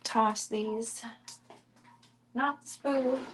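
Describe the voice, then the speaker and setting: A woman's voice: fairly high pitch, fairly even intonation, very slow. Chatty woman streamer rambling casually. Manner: rambling, chatty, coos softly at her pets. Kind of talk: casual chat. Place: home.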